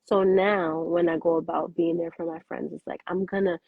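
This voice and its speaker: A young woman co-hosting a candid casual chat, animated, acting out her friends' lines as she tells stories. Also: on the low side, normal speed, no room sound. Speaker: co-host. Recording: husky, tinny phone-like line.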